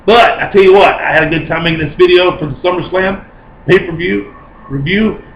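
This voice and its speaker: A man giving an excited, rambling casual video review, often correcting himself as he talks. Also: high voice, fairly quick, roomy sound, highs cut off, a little hiss or hum. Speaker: vlogger reviewing wrestling.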